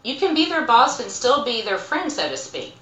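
Animated woman telling work stories. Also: a little high, normal speed, roomy sound, rough recording. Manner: animated storyteller, acts out quotes. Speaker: urgent care center administrator, guest. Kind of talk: casual interview chat.

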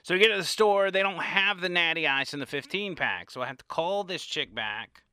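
A man telling a casual anecdote in an animated way, his pitch and loudness rising and falling as he goes. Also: a little fast, clean tone, dry recording, studio quality. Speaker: storyteller.

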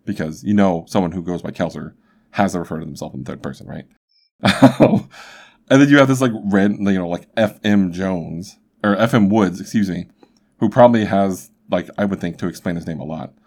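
A man's voice: low voice, moderate pace, gravelly, a little mellow. A young man hosting a podcast, telling a true crime story in a chatty, rambling way with lots of asides. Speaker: podcast host.

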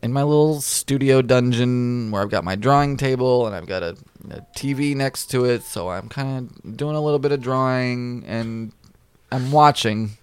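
A man's voice: mid-range voice, normal speed, clean tone, dry recording. A man co-hosting a podcast in a small home studio, chatting casually about movies with profane, sarcastic rants. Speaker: podcast co-host.

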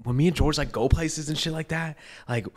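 A young man, a guest on a podcast, bantering in quick, slangy casual chat. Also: a little high.

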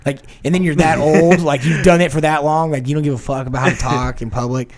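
A man in casual chat, blunt and profane, firing off quick quips. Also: fairly high pitch, fairly even intonation.

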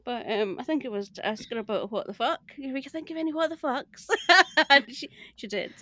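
A woman's voice: high voice, brisk, bright, forceful tone, slight background noise. A Scottish woman, a podcast guest calling in remotely with her camera off, who tells stories animatedly, laughs often and acts out what other people said. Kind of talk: casual chat, animated storytelling. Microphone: remote call, camera off.

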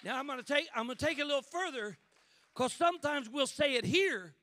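A man preaching a fervent sermon in church, building to shouts and calling out to the congregation. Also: very high-pitched, expressive, fairly quick, no echo.

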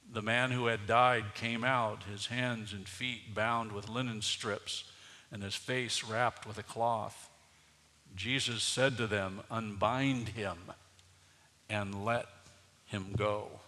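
A man preaching a sermon as pastor, moving from quiet scripture reading to loud, emphatic preaching. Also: medium pitch, long reverb tail.

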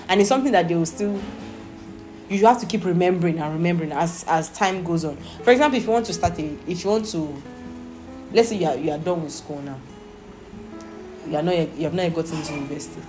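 Her voice is fairly low and a little mellow as this Nigerian woman teaches from the Bible. Earnest throughout, she often pauses to ask "Do you understand?" to make sure her listeners follow. There's a roomy echo and music behind her.

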